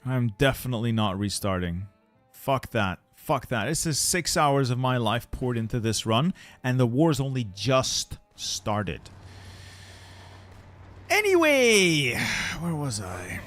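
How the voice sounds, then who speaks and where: A man's voice: mid-range voice, a little slow, faint music behind. A man commentating his strategy game play, exasperated and swearing as he rants about losing. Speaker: gaming channel host.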